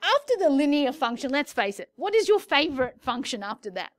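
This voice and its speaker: A woman's voice: high voice, sing-song, fairly quick, no room sound. A woman teaching maths in a recorded lesson, playful and chatty with jokey asides.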